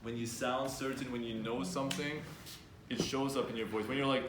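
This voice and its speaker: Animated male speaking coach in echoey room. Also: medium pitch, fast talker, background noise. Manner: direct, animated, acts out hesitant speakers. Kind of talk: live workshop talk to students. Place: event room with students. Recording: echoey room with faint background ambience.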